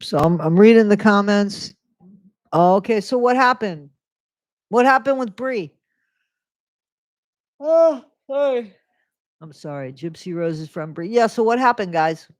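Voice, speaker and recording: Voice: medium pitch, expressive, moderate pace, no room sound. A live-stream host chatting casually on a new microphone at home, rambling between topics and reading viewer comments aloud. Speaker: livestream host.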